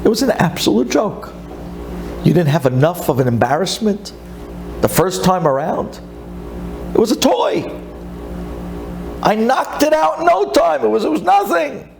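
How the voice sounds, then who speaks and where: A man voicing a boastful, mocking male chess champion during sermon storytelling, with drawn-out, gloating speech. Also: big pitch swings, gravelly, faint music behind, exaggerated voice. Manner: shouted, high-pitched gloating, drawn out.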